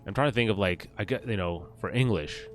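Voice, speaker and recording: A man with a very low voice hosts a let's play, reading fantasy journal entries aloud. He trips over odd names and swears casually, with faint game music behind him. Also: fairly quick.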